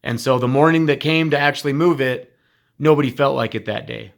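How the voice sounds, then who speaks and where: A man who used to teach speaks straight to his former students in a heartfelt recorded message. His voice sits at an ordinary middle pitch, and his delivery is emphatic, blunt and informal, with casual swearing. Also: brisk, vocal fry, a bit bright.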